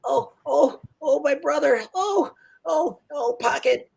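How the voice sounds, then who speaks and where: A woman voicing a nervous, excitable male gnome inventor who stammers and rambles through his words in a tabletop game. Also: medium pitch, moderate pace, voice pushed up, lightly acted. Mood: tearful relief.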